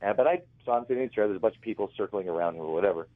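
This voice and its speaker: Low-voiced man on a tinny phone line. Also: racing, dry recording. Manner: rambling anecdotes with frequent self-corrections. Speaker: interview guest, author. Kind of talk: casual storytelling.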